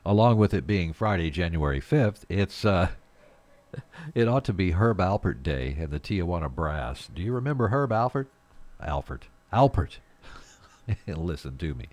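A man's voice: low voice, sing-song, moderate pace, darkish tone, dry recording. A middle-aged man hosting a morning radio show, chatting casually in a rambling, folksy way with frequent chuckles. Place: radio studio.

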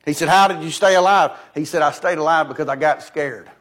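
Folksy preacher man with emphatic swings. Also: brisk. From United States. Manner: folksy, storytelling with repeated "he said"; swings from loud emphatic peaks to low quiet asides. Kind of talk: sermon.

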